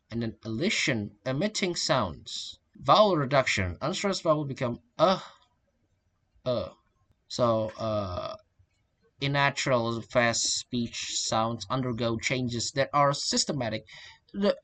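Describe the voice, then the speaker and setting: A young man, a student giving a class presentation, halting and often restarting his phrases. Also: medium pitch, fairly bright tone. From Indonesia. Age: young adult. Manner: halting, repeats and restarts phrases, links points with "and then".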